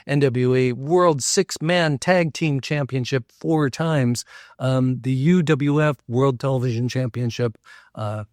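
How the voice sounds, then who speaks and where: In casual storytelling fashion, a local history podcast host from Minnesota, US, speaks slowly at a normal middle pitch, chatty and loose, sprinkling in frequent fillers, asides, and little jokes. The audio is close and dry, without any room sound.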